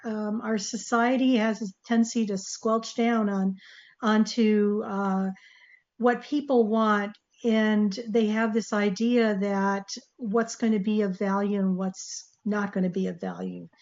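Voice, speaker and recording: A woman's voice: mid-range voice, flat delivery, a little slow, darkish tone. A woman hosting her own talk show, speaking earnestly with restarts and fillers, coughing and losing her voice. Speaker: show host. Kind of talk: solo talk show monologue. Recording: dull lo-fi sound.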